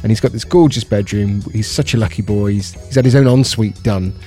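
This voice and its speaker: A man co-hosting a podcast from a bedroom at home, chatting casually and telling stories with lively pitch jumps. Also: brisk, soft background music. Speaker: podcast co-host. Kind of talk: casual chat.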